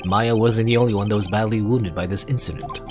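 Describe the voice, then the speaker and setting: A man doing a formal, measured prosecutor. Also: on the low side, fairly even intonation, over music, natural voice. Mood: earnest. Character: calm, formal male prosecutor.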